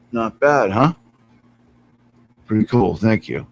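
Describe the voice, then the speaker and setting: Brief: male streamer, low-pitched, loose and laughing, cooing to his cat, computer mic at a distance, faint hum behind. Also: animated, a little slow, a little mellow. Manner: chatty, laughs often, coos at his cat. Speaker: live streamer. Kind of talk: casual live-stream chat. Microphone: computer mic some distance away.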